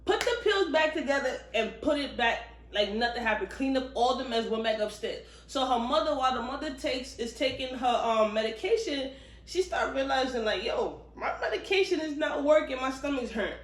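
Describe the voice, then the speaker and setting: Woman book reviewer, lively and profane, roomy space. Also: high voice, normal speed. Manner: animated, profane, chatty storytelling. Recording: roomy echo.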